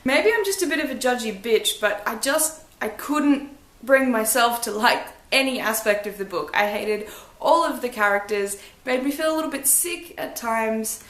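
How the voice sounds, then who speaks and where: Young female book vlogger, higher pitch, frank and self-mocking, roomy sound. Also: expressive, moderate pace, fairly bright tone. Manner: blunt, chatty, self-deprecating. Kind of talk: casual book review vlog.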